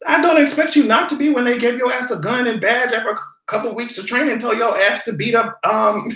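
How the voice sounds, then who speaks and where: A vlogger ranting in casual commentary, profane and sarcastic, now and then slipping into high mocking voices. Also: a bit bright, roomy sound, rough recording.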